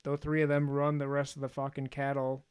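Man, podcast host, casual movie recap, profane, joking, mid-pitched voice. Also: monotone, brisk, clear, resonant tone. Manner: loose, profane, joking asides.

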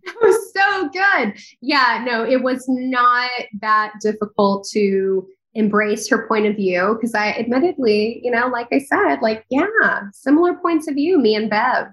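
A woman's voice: fairly high pitch, measured pace, a bit bright, rough recording. Easygoing woman with a New York accent. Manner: easygoing, reflective, peppered with "like" and "you know". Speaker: voice actor, guest. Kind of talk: casual interview chat.

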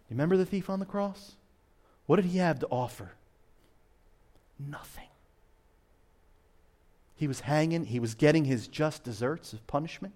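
Animated preacher man, dramatic swings. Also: fairly high pitch, normal speed, pauses often. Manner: dramatic swings between loud emphasis and hushed asides. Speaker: pastor. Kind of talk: sermon.

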